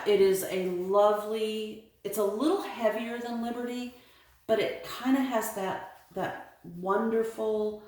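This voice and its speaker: A middle-aged woman from the American South with a Southern accent, casually showing her sewing projects and rambling with many ums and restarts. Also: mid-range voice. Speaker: sewing vlogger. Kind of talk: casual show-and-tell vlog. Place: home sewing room. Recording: very echoey room.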